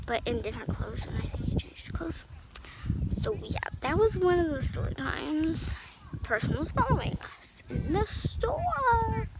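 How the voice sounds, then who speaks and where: Teen girl vlogger, high-pitched, chatty and rambling, noticeable background noise. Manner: rambling, many "like" fillers. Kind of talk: casual storytime.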